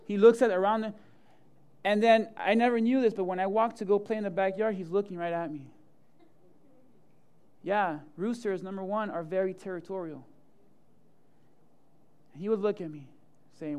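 A young male pastor, preaching a sermon full of jokey personal stories and swinging from loud to hushed. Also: high voice, normal speed, clear, resonant tone. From Hialeah, Florida area.

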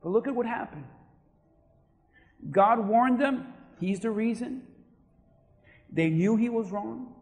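A male pastor preaching a sermon, swinging between shouted emphasis and quiet asides. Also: very high voice, animated, slow, pauses often, long reverb tail.

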